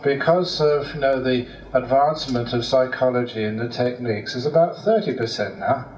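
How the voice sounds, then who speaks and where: A man's voice: medium pitch, normal speed, a little mellow. A man, a Buddhist monk teacher, answering questions with humorous stories and chuckles in a hall at a Buddhist centre. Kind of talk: talk with storytelling. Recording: roomy hall, distant mic, faint noise.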